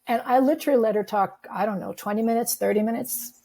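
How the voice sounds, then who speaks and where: Middle aged woman talking grief stuff, husky raspy voice, reflective, gets animated quoting people. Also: on the high side, quick pace. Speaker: grief recovery specialist, guest. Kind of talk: conversational interview storytelling.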